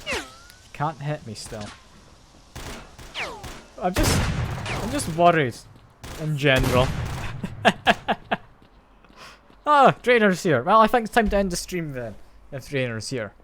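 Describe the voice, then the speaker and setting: A man's voice: on the high side, big pitch swings, slow, pauses often, slight background noise. Man streaming a shooter, gunfire behind. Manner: thinks aloud, wry self-mocking jokes. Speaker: streamer playing a shooter game. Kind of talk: live gameplay commentary. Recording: loud game gunfire and ambience behind voice.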